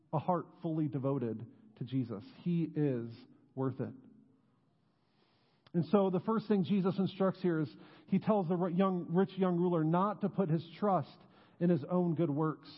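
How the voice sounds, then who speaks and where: An earnest man delivers a sermon as pastor, slowing and deepening his voice on the important words. The recording, made in a church sanctuary, is muffled with a long reverberant tail.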